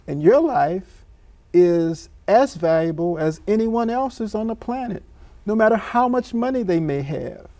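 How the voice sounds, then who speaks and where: Slow gravelly man, measured speech. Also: high voice, warm tone, no room sound. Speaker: scholar guest. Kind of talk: reflective talk show discussion.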